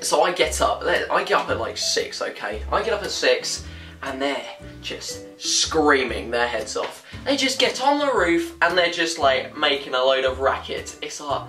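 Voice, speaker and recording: Brief: young British woman, comic rant, bright tone, recorded from a distance with faint music behind. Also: low-pitched, very animated, measured pace. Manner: exasperated, laughs often. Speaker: vlogger. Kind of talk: comic ranting monologue. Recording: roomy echo, distant mic, faint music.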